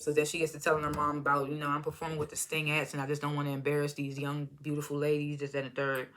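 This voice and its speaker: A woman's voice: low-pitched, completely flat delivery, racing, a bit bright, slight background noise. A woman casually recapping a reality show episode, laughing often and acting out what the cast said in loose, slangy talk. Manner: laughs often while retelling scenes; loose slangy storytelling, acts out quotes.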